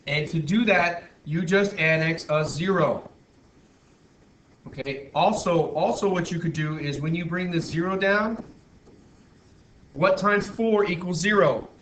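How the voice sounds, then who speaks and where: A man's voice: a little high, fairly bright tone. A male math teacher talking through a screen-recorded lesson, working step by step with frequent restarts and self-corrections. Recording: roomy echo, faint background noise.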